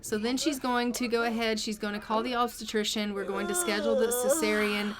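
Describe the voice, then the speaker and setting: A woman's voice: fairly high pitch, fairly even intonation, a little fast, a loud crowd. A woman casually narrating her gameplay, chatting away and voicing the characters' lines as she goes. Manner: chatty, voices the characters' lines in a running commentary. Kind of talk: casual let's-play narration.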